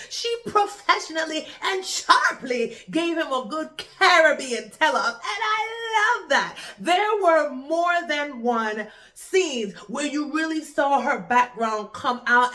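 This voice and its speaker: A Jamaican woman talks through a film she just watched, her voice high and bright. She is chatty and animated, often repeating words for emphasis as she reviews it. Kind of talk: casual spoken film review.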